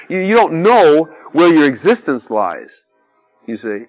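A man's voice: a little high, big pitch swings, unhurried, darkish tone, poor audio. A middle-aged man giving an informal sermon, chatty and full of asides, acting out little quoted voices. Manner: conversational, peppered with "you know", acts out quoted voices.

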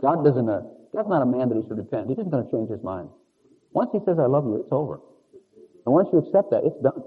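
A man's voice: medium pitch, big pitch swings, quick pace, slightly rough. A man preaching a conversational sermon in a rambling, confessional way with chuckling asides. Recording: narrow phone-like lo-fi sound.

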